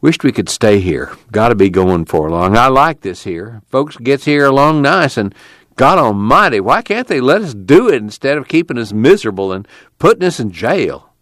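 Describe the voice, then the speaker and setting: A man's voice: medium pitch, sing-song, normal speed, fairly bright tone, no echo, pitched above the performer's own voice. A man doing a stern, worried Okie camp leader. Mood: pleading. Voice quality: earnest, pleading, rural grammar.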